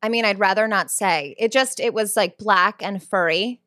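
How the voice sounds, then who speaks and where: Woman doing a young celebrity daughter, offhand, bright voice, dry sound, prank call. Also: medium pitch, normal speed, dry recording, close to an everyday voice. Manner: offhand, downplaying.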